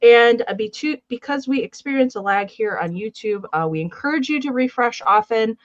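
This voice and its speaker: A woman's voice: fairly high pitch, lively intonation, moderate pace, dull audio. A woman co-hosting a live vintage sale in casual chat, greeting viewers by name and walking through the steps with many fillers.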